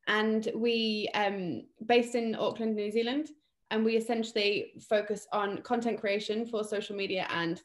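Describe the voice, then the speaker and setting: A young British woman from England, a guest chatting casually in an interview with plenty of fillers and restarts. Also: on the high side.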